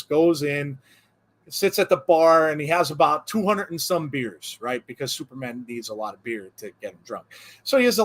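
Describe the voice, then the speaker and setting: A middle-aged man hosting a podcast, chatting casually and rambling through a long joke with lots of fillers. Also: fairly high pitch. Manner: rambling storyteller, many fillers. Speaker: podcast host. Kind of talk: casual chat.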